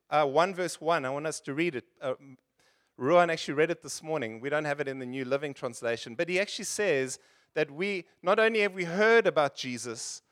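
A man's voice: a little high, fairly bright tone. A man preaching a sermon as pastor, in an earnest, conversational way full of rhetorical questions.

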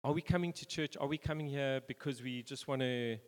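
A man delivers a relaxed, meandering sermon, stopping and restarting his phrases as he goes. His voice sits in a middle register. It rings with the long reverb of a church hall. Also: mid-range voice, a little fast. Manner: rambling, informal, many fillers and restarts. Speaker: pastor. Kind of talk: conversational sermon.

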